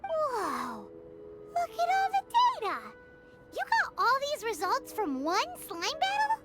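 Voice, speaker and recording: Tiny game sidekick girl, very high, wildly swooping, blunt, game music behind. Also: huge pitch swings, slow, exaggerated voice. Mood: amazed. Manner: squeaky, blunt and nosy. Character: tiny excitable floating girl companion.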